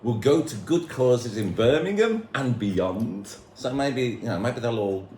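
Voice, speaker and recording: A man with a Black Country accent, a guest in a casual chat who makes wry, quick quips. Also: medium pitch, lively intonation, a little mellow. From Black Country, England. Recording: echoey room with faint noise.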